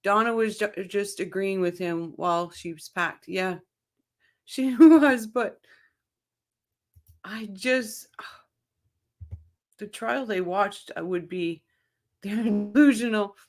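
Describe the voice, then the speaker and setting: Slow and a little mellow, this medium-pitched woman's voice belongs to a livestream host from Ontario, Canada. She chats casually with viewers, calling them by name as she reads the chat, and laughs frequently.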